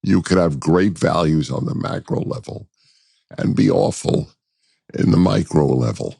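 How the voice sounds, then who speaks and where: Very deep, slow, gravelly man. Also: mellow, no echo, clean studio sound. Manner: deliberate, with frequent hesitations and restarts. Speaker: guest commentator. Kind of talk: conversational interview answers.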